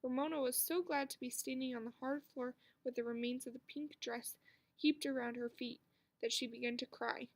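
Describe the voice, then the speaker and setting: A woman reading a children's book aloud with expressive storytelling. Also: sits high, normal speed. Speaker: narrator.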